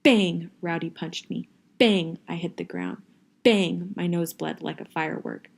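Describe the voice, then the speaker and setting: A woman reading a novel aloud in a steady, first-person audiobook style. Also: fairly low pitch, normal speed, gravelly. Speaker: reader.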